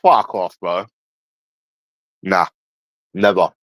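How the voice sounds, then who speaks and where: A man's voice: sits low, very slow, no echo, poor audio. Blunt, swearing man ranting. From England. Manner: blunt and profane, talks straight to a chat viewer. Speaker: livestream host. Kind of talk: casual livestream rant.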